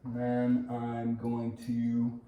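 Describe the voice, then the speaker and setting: A man talks casually through unboxing and assembling a bike, rambling to himself as he works and throwing in jokes. His mid-range voice is monotone, with drawn-out words. The lo-fi recording is roomy, from a distant mic, with clear background noise.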